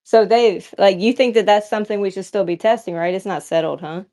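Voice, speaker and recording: A woman's voice: medium pitch, fairly quick, dark tone. A woman co-hosting a casual chat, teasing and pressing others with follow-up questions.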